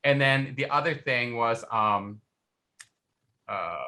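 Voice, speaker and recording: Earnest male co-host with a bright, tense tone, reflective and sincere. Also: mid-range voice, slow. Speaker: podcast co-host. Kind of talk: casual video-call conversation.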